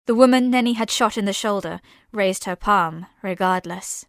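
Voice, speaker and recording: A woman narrating a science-fiction audio drama in a measured, unhurried voice. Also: mid-range voice, gravelly, no echo, clean studio sound.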